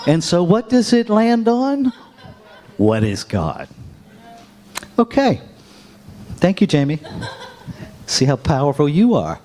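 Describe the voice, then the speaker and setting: A man's voice: mid-range voice, very animated, takes it slowly, long pauses, warm tone, slight background noise. A male minister introducing his sermon in a playful, teasing way, chuckling as he talks.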